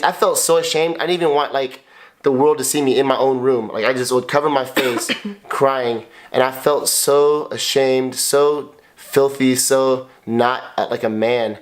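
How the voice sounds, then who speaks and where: Speaking at a moderate pace with fairly even intonation and an ordinary pitch, a husband on a couple's podcast shares his story. He swears a lot, circles back over his words, and comes across as blunt, emotional, and confessional.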